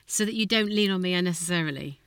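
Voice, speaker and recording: A woman's voice: on the low side, fast, fairly bright tone, clean tone, no room sound, studio quality. A middle-aged woman co-hosting a podcast with her daughter, chatty and teasing, laughing often. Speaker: podcast co-host, mother of the other host. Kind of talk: casual chat.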